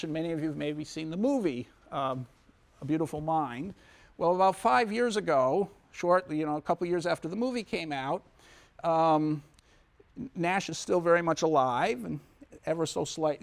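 A man lecturing a university class in a conversational way, with many asides and restarts. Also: on the high side. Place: lecture hall.

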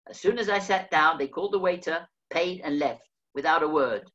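An older man reads from his own memoir, unhurried and measured. His storytelling carries a wry edge. The recording sounds dull and lo-fi. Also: a little high, a bit bright. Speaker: author reading his memoir.

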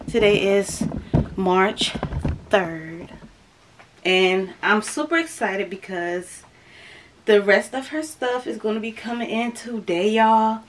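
Slow, breathless young woman. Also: mid-range voice, slight background noise. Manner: chatty, keeps calling the viewers y'all. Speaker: vlogger. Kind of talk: casual vlog chat to viewers. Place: at home.

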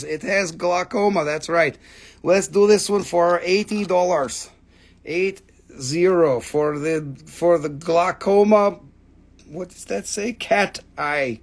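An excitable man hosts a casual live sales stream from home, showing off stones and rattling off prices. His voice sits fairly high for a man, and he swears freely and gushes over how beautiful everything is. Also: creaky. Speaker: host selling gemstones on a live stream. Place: home, with his dogs nearby.

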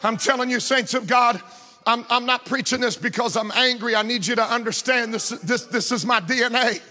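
A pastor preaching a Pentecostal sermon in a church, shouting in a sing-song preaching cadence. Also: male voice, extremely high pitch, normal speed.

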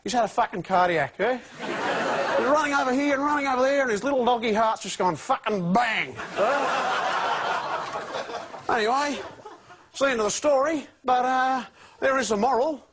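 An actor playing a crude, swearing Australian ex-convict who reads a children's story in a jovial yet menacing way, ending lines with a taunting "eh?". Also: male voice, very high-pitched, normal speed, long pauses. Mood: crude storytelling. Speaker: comedy sketch performer. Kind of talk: parody children's story reading. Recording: studio audience laughter and noise.

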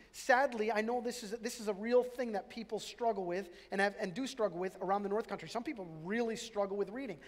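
A middle-aged man, a pastor, preaching a sermon in a conversational way, with restarts and self-deprecating jokes. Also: high-pitched. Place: church sanctuary. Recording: reverberant hall.

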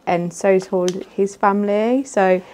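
A soft-spoken woman, casually demonstrating card making and laughing easily. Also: medium pitch, measured pace.

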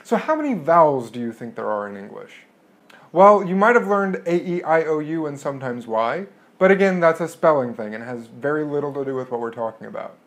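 A man's voice: fairly high pitch, expressive. Man lecturing, modeling each vowel sound. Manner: clear and explanatory, modeling vowel sounds slowly. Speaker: linguistics lecturer. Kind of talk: recorded lecture.

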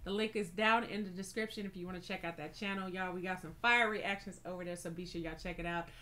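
A woman's voice: on the low side, steady tone, fast talker, pushed and bright. A woman hosting a reaction video, chatty and giggly, calling her viewers y'all. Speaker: host of a reaction channel. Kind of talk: casual reaction chat.

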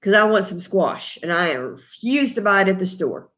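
A woman's voice: medium pitch, lively intonation, normal speed, fairly bright tone. A middle-aged woman with a Texan accent, chatting casually on a live stream, laughing often and greeting viewers by name. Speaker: host.

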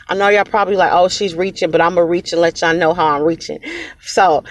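A woman giving an earnest motivational testimony, repeating phrases for emphasis. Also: fairly low pitch. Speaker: speaker sharing her story.

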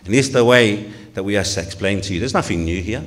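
Male pastor from Tonga, sermon, earnest, rhetorical questions, lowish voice, church. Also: fast talker.

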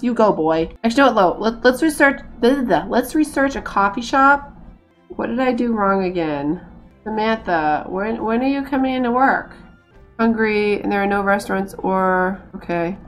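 An American woman talks her way through a game in a loose, chatty stream voice. She is self-mocking and laughs often as she plays. Her pitch sits in the middle of the usual range. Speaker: gaming streamer. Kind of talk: casual let's-play commentary.

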